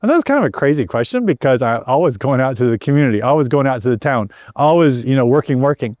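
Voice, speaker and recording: A middle-aged man tells a personal story as an interview guest, speaking earnestly at an ordinary pitch for a man. He often repeats words and restarts his sentences as he goes. The recording is dry and close, with no room echo. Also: expressive, quick pace, a little mellow. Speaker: guest sharing a personal testimony.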